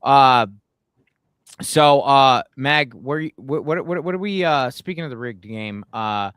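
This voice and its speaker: A man telling stories in a casual chat, animated and growing heated when riled. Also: mid-range voice, measured pace, clean tone, no room sound, clean studio sound.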